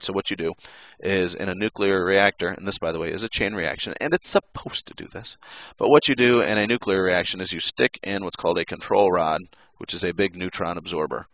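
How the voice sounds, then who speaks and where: A man's voice: low-pitched, fast talker, highs cut off. A male teacher giving a casual recorded lesson, joking and making playful sound effects.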